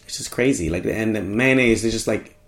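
A man's voice: on the low side, brisk. A man hosting a podcast in casual chat, joking and rambling, often trailing off while he hunts for words. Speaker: podcast host.

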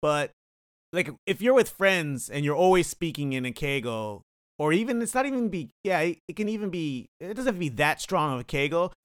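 A man's voice: a little high, big pitch swings, brisk, smooth. A man with a somewhat raised voice explains things patiently in casual conversation, restarting sentences to find the right words. The sound is close and dry, with no reverb. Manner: explanatory, thoughtful, full of restarts. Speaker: Japanese language teacher. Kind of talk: casual chat.

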